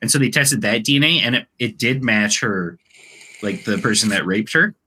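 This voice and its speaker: A young man co-hosting a casual podcast, his voice bright and forward. He rambles through stories in loose, unpolished chat and breaks into laughter often. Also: lowish voice, lively intonation, normal speed, breathy edge. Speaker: podcast co-host.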